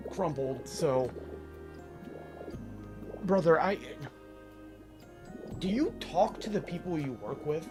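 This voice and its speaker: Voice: medium pitch, expressive, takes it slowly, long pauses, over music. A live streamer in casual chat, ranting and teasing with exasperation and swearing.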